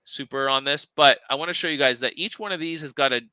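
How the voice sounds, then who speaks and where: A young man chatting on a livestream with a very bright, crisp voice. He rambles excitedly, full of fillers and false starts, into a dry close webcam mic. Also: mid-range voice, quick pace, no echo, poor audio. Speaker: livestream co-host, crystal maker. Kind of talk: casual livestream chat.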